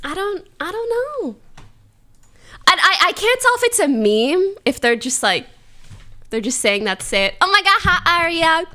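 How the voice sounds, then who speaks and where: A young woman streaming live and chatting to her viewers in a high, bouncy voice that swoops all over. She is giggly and playful and drops slang freely, often breaking into laughter. Her talk is loose and casual. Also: very animated, moderate pace, pauses often, bright, forceful tone. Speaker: livestreamer.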